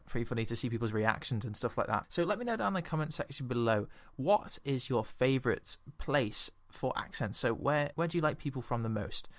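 A man's voice: mid-range voice, a bit bright, no room sound. A man with an English accent, chatting in a casual, rambling voice-over commentary over gameplay, often repeating words. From England. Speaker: gaming commentator.

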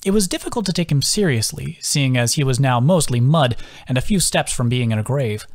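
A man's voice: medium pitch, brisk. A man, the author, reading his own fantasy novel as scripted audiobook narration. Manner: steady storytelling.

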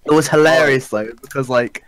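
A man's voice: mid-range voice, fairly quick. A young man telling crude school stories to friends, laughing often. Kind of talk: casual storytelling with friends.

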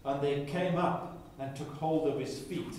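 Guy teaching a bible class, chatty, slightly high voice, echoey room, mic far off. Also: unhurried, darkish tone, a little hiss or hum. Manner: conversational, playful asides and mock voices. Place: chapel classroom.

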